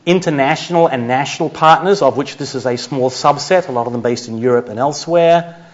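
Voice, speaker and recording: A man with a Chicago accent, opening an academic panel talk in a measured, explanatory way. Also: mid-range voice. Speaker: lecturer. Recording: muffled lecture recording.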